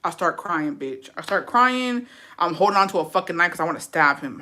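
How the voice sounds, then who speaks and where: Bright, profane, dramatic woman storyteller. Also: on the low side, expressive, a little fast. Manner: profane, code-switches between English and Spanish. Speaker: vlogger telling a story. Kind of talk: casual storytime.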